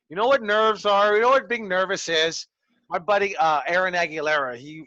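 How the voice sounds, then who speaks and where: Animated, bright-voiced wrestling coach. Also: male voice, high voice, no room sound, lo-fi sound. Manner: animated, profane storytelling. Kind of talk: online class, casual coaching talk. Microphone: video call.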